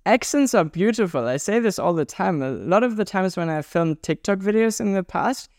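A German man in his twenties, speaking English with a German accent, chats casually and cheerfully as an interview guest who travels the world and juggles. He talks at a normal speed, and his pitch leaps up when he gets animated. The recording is dry, with clean studio sound.

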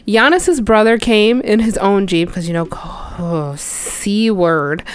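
A young woman hosting a podcast, talking sports in an animated, chatty way. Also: medium pitch, slow, smooth, no room sound. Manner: animated, chatty, exclaims often. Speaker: podcast host. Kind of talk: casual sports chat. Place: city outside Chicago.

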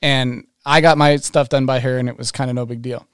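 A man's voice: mid-range voice, brisk, clean tone, no room sound, clean studio sound. A man, a pro snowboarder, telling funny stories on a casual podcast, laughing often and acting out quotes. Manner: laughing, animated, acts out quotes.

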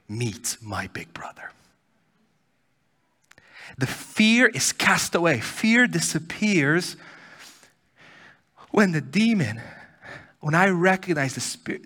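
A man preaching a sermon as pastor, swinging between loud pleading and hushed near-whispers. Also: mid-range voice. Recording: church hall reverb.

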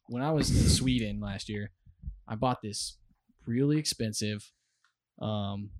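A man's voice: fairly low pitch, a little slow, darkish tone, dry recording. A young American man telling a story on a podcast, rambling and swearing, with many fillers, close to the mic. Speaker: podcast guest. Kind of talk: casual storytelling. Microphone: close studio mic.

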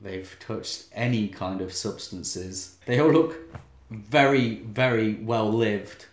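A man's voice: fairly low pitch, takes it slowly. A man co-hosting a podcast, in casual chat with wry questions and asides. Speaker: podcast co-host. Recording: roomy echo.

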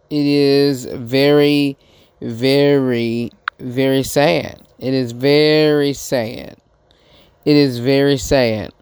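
A man hosting a podcast, giving a casual commentary monologue, halting and repeating himself with many fillers. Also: mid-range voice, darkish tone, slight background noise. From United States. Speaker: podcast host.

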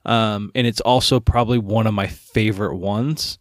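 A man's voice: on the low side, steady tone, moderate pace, no room sound, studio quality. A man co-hosting a podcast in casual chat, telling stories in a loose, rambling way. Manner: rambling, with restarts and fillers. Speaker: podcast co-host.

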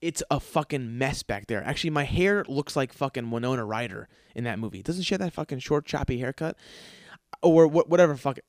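A man's voice: medium pitch, lively intonation, a little fast, no room sound, clean studio sound. A man hosting a comedy podcast, ranting in an exasperated, profane, rambling way. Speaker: podcast host. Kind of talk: comedic rant.

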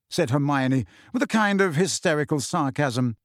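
A man's voice: fairly high pitch, animated, normal speed, hardly any pauses, no echo. Man narrating an audiobook in a dry, close voice.

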